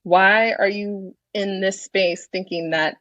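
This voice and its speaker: A woman's voice: mid-range voice, steady tone, takes it slowly, fairly bright tone, dry recording, lo-fi sound. Bold, frank woman in her thirties. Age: 30s. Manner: confident, frank, swears freely. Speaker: podcast guest. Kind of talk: casual interview chat.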